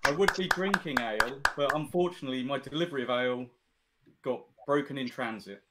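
An English man hosting a home livestream, singing an unaccompanied folk drinking song slowly and then chatting drily. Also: mid-range voice, very noisy. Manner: slow drawn-out singing, then quick dry banter. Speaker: folk singer and host.

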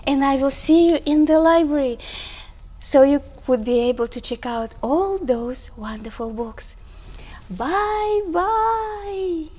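A woman librarian reads a picture book aloud to young children. Her high voice swoops widely, and she drops into gasps and hushed asides. Her reading pace is slow and unhurried. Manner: animated, gasping, hushed asides.

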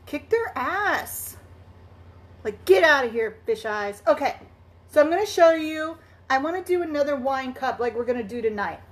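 A chatty woman with a high voice hosts a live crafting stream. She greets her viewers one by one and laughs easily as she talks. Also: lively intonation, brisk. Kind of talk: casual live-stream chat while crafting.

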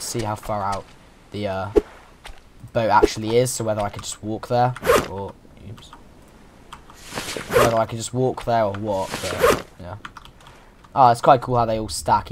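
Against a noisy background, a young man with a fairly low voice speaks a little quickly. He's a gaming YouTuber chatting playfully through a survival game let's-play, rambling and backtracking mid-sentence.

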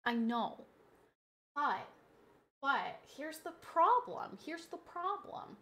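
A woman's voice: sits high, big pitch swings, slow pace, fairly bright tone. A young woman streamer chatting casually to her live chat, giggly and talkative, at a desk mic. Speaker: game streamer.

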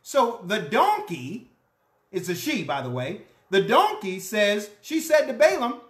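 Pastor preaching, storytelling sermon, lively swooping pitch, acts out characters, echoey church room. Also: unhurried. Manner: animated, acts out the characters' lines.

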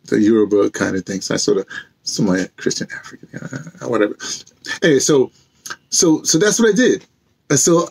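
A man with a husky, slightly breathy voice chats casually to his vlog audience. He tells long rambling stories, laughs often and sounds tired after a day on his feet. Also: on the high side. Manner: rambling storytelling with frequent laughs. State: tired from walking. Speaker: vlogger. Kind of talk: casual chat.

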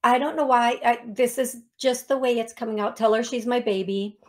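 A woman's voice: fairly high pitch, steady tone, normal speed, darkish tone. A woman hosting a radio call-in show as a psychic medium, talking in a chatty way with many restarts and ums.

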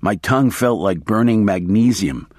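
A man narrating a novel in the first person, reading in a measured, steady way. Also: on the low side, no echo, clean studio sound. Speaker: audiobook narrator.

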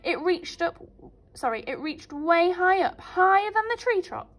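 Woman teacher, reading storybooks to infants, animated and high. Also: unhurried. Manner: animated, sing-song storytelling. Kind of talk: storybook reading for young children.

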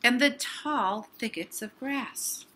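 A woman reading a picture book aloud to children, slow with expressive emphasis. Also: on the high side, slightly rough. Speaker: storybook reader.

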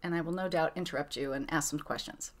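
A woman's voice: sits low, fast. A woman hosting a podcast, chatting casually with plenty of fillers and restarts. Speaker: podcast host. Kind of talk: casual chat.

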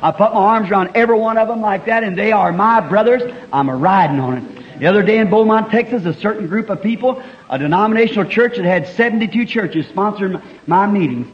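Male preacher, folksy storyteller, fervent, high voice, old lo-fi tape. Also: brisk. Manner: fervent, builds to shouting; folksy storytelling with repeated refrains. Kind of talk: sermon. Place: church meeting. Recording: dull lo-fi early 1960s tape.

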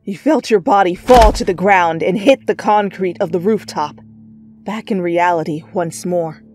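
A woman narrating a second-person fanfiction story in a soft storytelling voice. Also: fairly low pitch, moderate pace, soft background music. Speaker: fanfiction reader.

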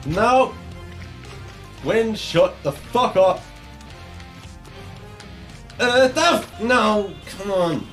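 Swearing, frustrated gamer shouting. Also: male voice, sits high, lively intonation, drawn-out words, pauses often, soft background music. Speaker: gaming YouTuber. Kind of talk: let's play commentary.

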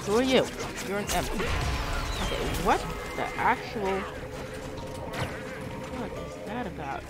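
A young woman commentating her live game stream, muttering quietly and then yelling at teammates. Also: medium pitch, very animated, slow. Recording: game music behind voice.

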